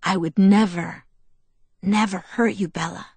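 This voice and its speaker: A woman's voice: mid-range voice, fairly even intonation, unhurried, a little mellow, breathy edge, no echo. A woman reading the lines of a cheerful, pushy teenage boy, teasing and earnest by turns. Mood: earnest soft. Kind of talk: audiobook dialogue.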